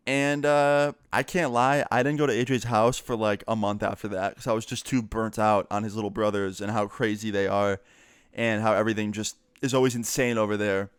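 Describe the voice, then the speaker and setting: A man's voice: lowish voice, fairly even intonation, fairly quick, smooth, no echo, studio quality. A man telling a story in a casual, chatty way, swearing and using many fillers. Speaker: storyteller vlogger.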